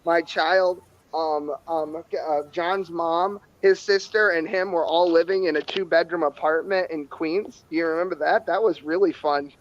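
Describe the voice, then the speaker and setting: A man's voice: a little high, fairly even intonation, moderate pace, hardly any pauses. Nasal, foul-mouthed man ranting. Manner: profane, rambling rants. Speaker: podcast host. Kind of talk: casual group chat. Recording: dull lo-fi audio.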